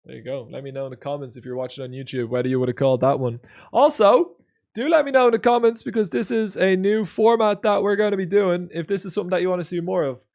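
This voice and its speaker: Commentating live on poker replays, this man speaks fast and reads out comments from his viewers. His delivery swings from quiet muttering to loud bursts of excitement.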